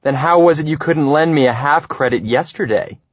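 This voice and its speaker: A man's voice: a little high, moderate pace, no echo, natural voice. A man voicing a mocking, argumentative teenage boy in an audiobook. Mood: scornful. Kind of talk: audiobook character voice. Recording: slightly dull, dry recording.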